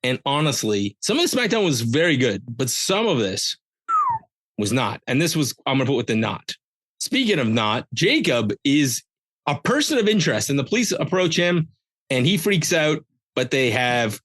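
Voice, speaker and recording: A man's voice: medium pitch, sing-song, moderate pace, fairly bright tone, no room sound. A man hosting a podcast, giving a casual, joking, rambling recap of a wrestling show. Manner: jokey, rambling, with playful asides. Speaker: podcast host.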